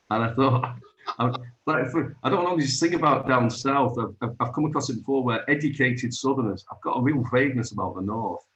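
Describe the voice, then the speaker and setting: A man's voice: medium pitch, brisk, fairly bright tone, poor audio. A man, hosting an open mic over a video call and chatting in a rambling, storytelling way. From Manchester, England. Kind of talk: casual chat.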